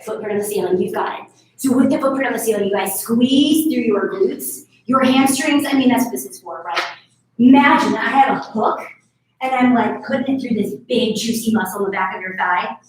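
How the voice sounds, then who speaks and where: A woman in her thirties teaches a live barre workout, talking a little fast in a fairly high pitch. She's chatty, encouraging and quick to laugh. The recording picks up a little hiss or hum, with her far from the mic in an echoey space.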